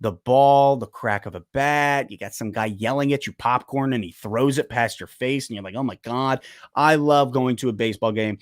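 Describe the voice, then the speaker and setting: Excitable young man hosting a live chat. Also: medium pitch, normal speed, no room sound, clean studio sound. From United States. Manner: casual, excitable, talks to chat directly. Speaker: sports channel host. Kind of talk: live stream chat answering viewer questions.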